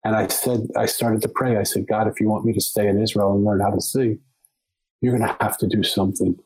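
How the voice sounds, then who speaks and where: A man's voice: lowish voice, level tone, a little fast, a little mellow, husky, poor audio. A man, a podcast guest, telling a long story in conversation, often restarting and repeating words as he goes.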